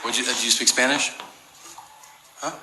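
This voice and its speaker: A man's voice: medium pitch, steady tone, moderate pace, roomy sound, noisy background. A man live-streaming, chatting with strangers in a teasing, profane way and laughing often.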